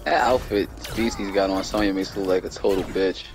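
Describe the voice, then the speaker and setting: A man's voice: sits low, steady tone, a little fast. A man in casual gaming chat with friends, laughing and trash-talking with plenty of swearing. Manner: laughing, profane trash talk. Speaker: player. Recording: game music in the background. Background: game music.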